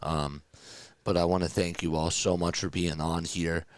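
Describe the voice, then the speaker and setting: Hoarse, low-voiced male fan caster. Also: normal speed, no room sound. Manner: excited calls that rise to shouts. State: hoarse, straining his voice. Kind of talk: live fan play-by-play call and sign-off chat.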